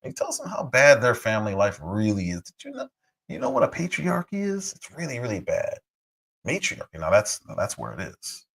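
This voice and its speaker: A man's voice: lowish voice, wildly swooping pitch, fairly quick, vocal fry, fairly bright tone, husky. A middle-aged man reacting to a clip on a livestream, sarcastic and indignant, with mocking asides. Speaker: livestream commentator. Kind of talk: reaction commentary.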